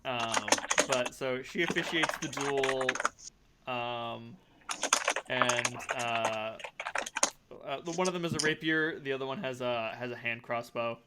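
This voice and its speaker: Halting game master, voices all the nobles. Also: male voice, very noisy. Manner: halting, many fillers and restarts, bursts into shrill voices for vampire nobles. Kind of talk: narrating a tabletop game.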